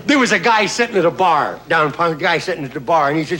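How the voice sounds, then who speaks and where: Chuckling high-voiced man doing stand-up comedy. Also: lively intonation, fast talker, hardly any pauses, fairly bright tone. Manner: chuckles at his own jokes, folksy storytelling. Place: TV studio stage. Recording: noisy old TV broadcast with audience laughter. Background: studio audience laughter.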